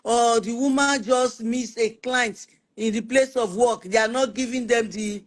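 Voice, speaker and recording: On an online Christian family talk stream, a woman with a fairly high-pitched voice offers practical marriage advice at a measured pace. She's conversational and animated, often repeating words for emphasis and acting out the lines spouses say to each other.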